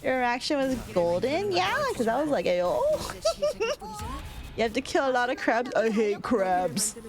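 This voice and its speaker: A woman's voice: high-pitched, wildly swooping pitch, unhurried, music in the background. A woman streamer chatting casually over gameplay. She swears freely, laughs often and reads chat aloud.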